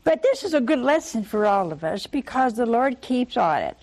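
An older woman preaching a sermon, telling a Bible story with lively rhetorical questions and acted-out dialogue. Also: fairly high pitch, normal speed, few pauses.

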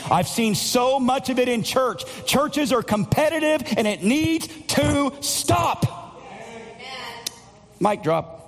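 A man preaching a Sunday sermon at a mid pitch, pressing his points with loud, emphatic bursts. His voice rings through the long reverb of a church sanctuary. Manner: preaching with rising, near-shouted emphasis. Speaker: pastor.

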